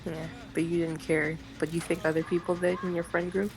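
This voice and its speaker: A woman's voice: on the low side, flat delivery, brisk. A woman chatting casually on a stream, blunt and teasing, rambling with many fillers. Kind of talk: casual chat.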